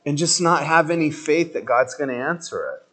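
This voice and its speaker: A man giving an informal sermon, telling the story in a conversational, animated way with casual slang. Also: a little high, fairly quick. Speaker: preacher.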